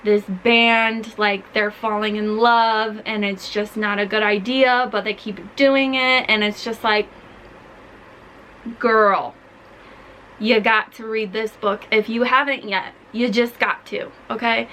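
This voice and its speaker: A young woman gushes about her favorite books in a chatty, enthusiastic vlog, peppering her talk with "like." Her voice sits fairly high and rings bright and forward. A faint hiss runs under the home recording. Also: steady tone, slow, rough recording. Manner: gushing, chatty, heavy use of "like". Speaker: book vlogger. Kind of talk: casual book recommendations.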